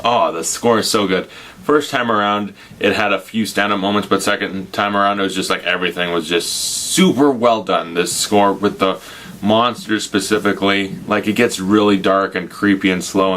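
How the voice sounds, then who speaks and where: Man, very low voice, casual movie review, enthusiastic, gushing, rambling. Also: moderate pace, a bit bright, a little hiss or hum. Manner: loose, rambling, with restarts. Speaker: film reviewer.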